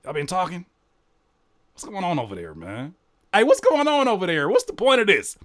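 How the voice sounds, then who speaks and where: A man's voice: a little high, huge pitch swings, moderate pace, no echo, studio quality. A man hosting a reaction video, joking, cursing in slang and rereading lines aloud. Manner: profane slang. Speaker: reaction host. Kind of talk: casual reaction commentary.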